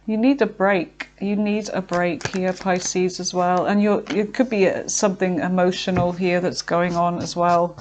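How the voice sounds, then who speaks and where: A woman giving a casual tarot reading, chatty and filled with fillers, talking to herself as she pulls cards and sometimes slowing down to draw out her words. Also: fairly low pitch, flat delivery, darkish tone. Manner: chatty, with frequent fillers and self-talk. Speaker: tarot reader.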